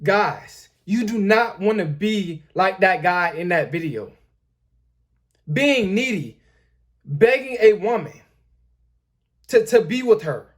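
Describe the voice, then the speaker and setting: A man's voice: high voice, animated, slow pace, pauses often. Emphatic male dating-advice host. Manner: emphatic, repeats points, addresses listeners as guys. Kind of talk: lecturing commentary.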